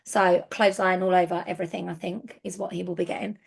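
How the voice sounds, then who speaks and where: A woman giving casual business coaching as a sales team leader, chatty and excitable with frequent restarts. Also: on the low side, quick pace, vocal fry, husky.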